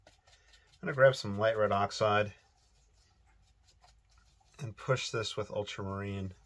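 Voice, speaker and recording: Man, fairly low voice, easygoing art teacher thinking aloud as he paints. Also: fairly even intonation, slow pace. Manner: casual, rambling, thinking aloud while painting. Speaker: watercolor painting instructor. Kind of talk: relaxed painting tutorial.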